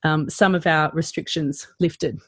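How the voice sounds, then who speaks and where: A woman, a health practitioner, talking through her advice in a podcast conversation, animated and full of ums. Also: measured pace, husky, no room sound, clean studio sound. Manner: animated, rising and falling pitch, lots of fillers. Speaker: practitioner educator.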